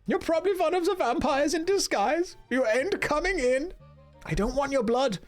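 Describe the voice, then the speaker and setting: A man reading game dialogue aloud and voicing a jumpy, suspicious male villager hiding from vampires, in a shrill, squawking high voice with accusing, defensive yelling. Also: lively intonation, a little fast, soft background music. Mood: suspicious, shouting.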